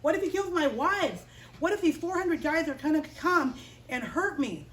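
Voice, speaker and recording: A woman's voice: high voice, expressive, normal speed, a bit bright, reverberant, far from the mic. A woman voicing a worried, pleading young man from a Bible story, told to children. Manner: anxious, begging.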